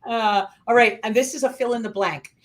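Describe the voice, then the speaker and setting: A woman hosting a casual interview, asking quick-fire questions and laughing often. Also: fairly high pitch, a loud crowd. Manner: laughs often, upbeat and chatty. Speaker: host.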